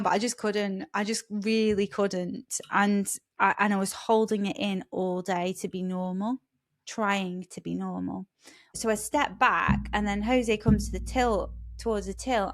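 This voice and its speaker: A woman telling a personal spiritual story in a lively, laughing way, often restarting her sentences. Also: medium pitch. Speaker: spiritual vlogger.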